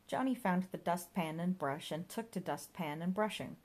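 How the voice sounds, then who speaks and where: A woman's voice: on the low side, animated, moderate pace, a little mellow. A woman narrating a comic novel in a wry storytelling manner. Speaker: audiobook narrator.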